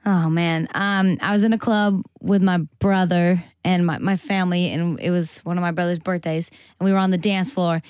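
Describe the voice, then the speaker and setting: A young woman from Massachusetts talks as a guest in a casual interview. Her voice sits a little low and the sound is close and dry. She is bubbly, laughs easily and acts out what people said. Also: fairly even intonation, moderate pace, few pauses, a little mellow, clean tone, no echo. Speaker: guest singer-songwriter.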